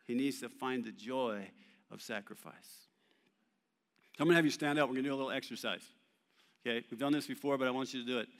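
A man's voice: mid-range voice, quick pace, pauses often. A man preaching a sermon to a congregation, asking them questions and having them answer back. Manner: call-and-response questions to the congregation. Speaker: pastor. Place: church hall. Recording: long hall reverb.

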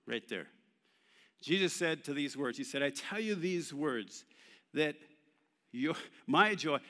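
The voice is a man's, a little high and a bit bright: a pastor delivering a sermon in a church hall. He engages the congregation with questions and has them call back answers, while a long hall reverb trails each line.

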